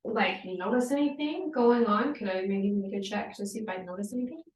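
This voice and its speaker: A chatty woman, one of the players, talks through her moves in a tabletop game. Her voice has a middle pitch. She is heard from some distance in an echoey room. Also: fairly quick, a little mellow. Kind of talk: casual tabletop play.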